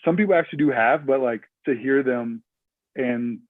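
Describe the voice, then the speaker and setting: A man's voice: mid-range voice, normal speed, no echo. Man on a tinny remote line. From Minnesota. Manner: rambling with many fillers and restarts. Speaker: podcast guest. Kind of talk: casual interview chat.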